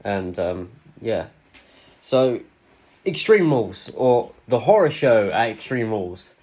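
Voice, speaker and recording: A man co-hosting a casual podcast, talking in an excitable, rambling way with plenty of fillers. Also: on the low side, slow. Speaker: podcast co-host. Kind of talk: casual wrestling podcast chat.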